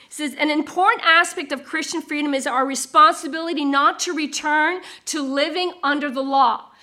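A middle-aged woman preaching a sermon, moving between teaching and lively storytelling with emphatic repetition. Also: sits high.

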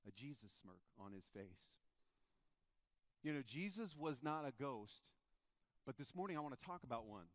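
A man, a pastor preaching a sermon, who tells the story with animated, playful energy. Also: a little high, dry recording. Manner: animated storytelling, acting out the disciples' voices.

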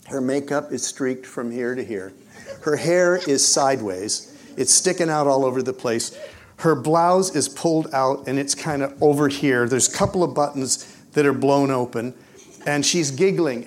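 A man preaching in a church, telling a story in an animated way and swinging from loud excitement to hushed near-whispers. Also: mid-range voice. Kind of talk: storytelling sermon.

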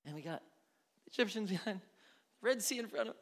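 Animated male pastor in a reverberant church. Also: high-pitched, a little fast, pauses often. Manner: animated, dramatic, drops to near-whispers. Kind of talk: sermon. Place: church sanctuary.

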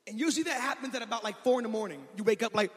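A male pastor preaching a sermon with energy, rising to shouts and falling to quiet asides. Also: very high-pitched, very fast. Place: church sanctuary. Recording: long hall reverb.

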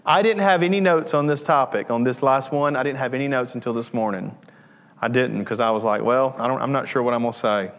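A man's voice: medium pitch, fairly quick, fairly bright tone, long reverb tail. A male pastor preaching a sermon with earnest, repetitive emphasis and joking asides. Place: church sanctuary.

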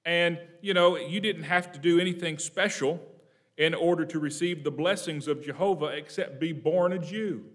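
Conversational male preacher teaching a psalm. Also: a little high. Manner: conversational, asks the congregation questions; reads scripture slowly and emphatically. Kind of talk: evening Bible teaching.

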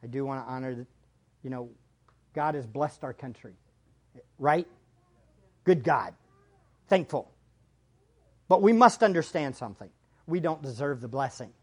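A man preaching a sermon as pastor, swinging between hushed asides and loud emphatic lines. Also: medium pitch, expressive, a little slow, long pauses.

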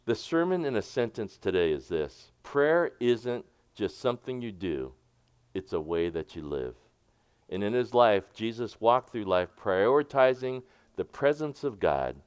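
A man preaching a sermon as pastor, moving between emphatic points and hushed, softly spoken prayers. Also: fairly low pitch, sing-song, a little slow, clear, resonant tone, dry recording. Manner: swings from bright emphatic preaching to hushed near-whispered prayers.

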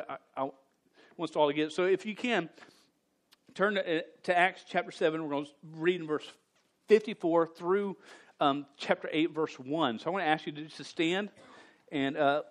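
A male pastor preaching a sermon to his congregation, often stammering and repeating words, with animated emphasis. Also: fairly high pitch.

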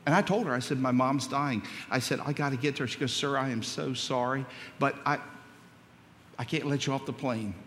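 A male pastor tells a story in his sermon, acting out the dialogue before building to emphatic preaching. He speaks a little fast in a mid-range, fairly bright voice, with slight background noise and long hall reverb.

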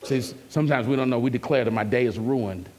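A man's voice: medium pitch, quick pace, a little mellow, a little hiss or hum. A man preaching an emphatic, conversational sermon as a pastor and calling out to his congregation.

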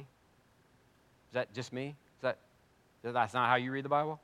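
A man preaching a sermon, animated and jokey, swinging between loud bursts and quiet asides. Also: medium pitch, normal speed, long pauses, clean tone. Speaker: pastor.

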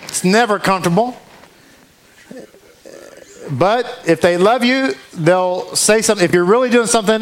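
A man's voice: high voice, lively intonation, normal speed, fairly bright tone, a little hiss or hum, poor audio. A male preacher delivering a sermon to a congregation, reading scripture aloud and driving points home with emphatic rhetorical questions. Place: congregation with a control booth.

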